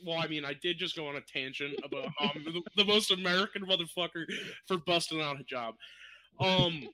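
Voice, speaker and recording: A man's voice: fairly high pitch, fairly quick, sharp tone, rough recording. A man of about twenty, co-hosting a podcast in casual chat, full of crude joking banter. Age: around 20. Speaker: podcast co-host.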